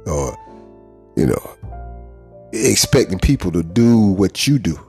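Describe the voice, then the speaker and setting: A man's voice: sits low, sing-song, slow pace, creaky, darkish tone, soft background music. A male podcast host telling a personal story in a candid, rambling, emphatic way, often restarting his sentences. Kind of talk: personal reflective monologue.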